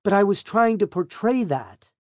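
A man's voice: high-pitched, lively intonation, normal speed, a little mellow, dry recording, clean studio sound, pitched above the performer's own voice. A man voicing a defensive young woman on the witness stand, giving curt, evasive answers in an audiobook reading. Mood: guarded.

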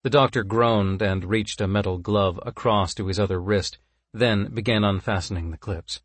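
A man narrates a story in a measured, steady way. His voice is fairly low and husky. The recording is close and dry, with no room sound. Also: no echo.

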